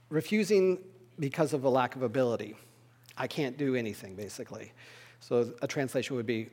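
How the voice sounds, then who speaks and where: A man teaching a Bible study lesson, explaining word meanings in a measured, thoughtful way. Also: mid-range voice, a little mellow, breathy edge, long reverb tail.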